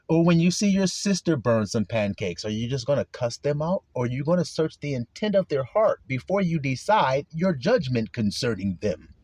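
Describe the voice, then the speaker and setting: A man preaching an informal sermon with passion, acting out quotes, swearing casually and swinging from loud preaching to low asides. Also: no echo.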